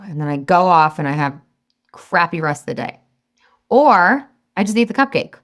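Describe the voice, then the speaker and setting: A woman's voice: on the low side, animated, moderate pace. A woman in her thirties coaching a webinar audience on weight loss, chatty and encouraging, sometimes acting out her own inner voice.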